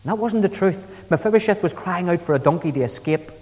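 A man with a high-sitting, darkish voice and lively intonation preaches an expository sermon at a fast pace, with a long reverb tail trailing his words. He retells scripture in everyday speech, conversational and storytelling.

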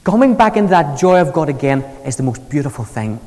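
Man, preacher, lively storytelling sermon, fairly high voice, long hall reverb. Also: quick pace.

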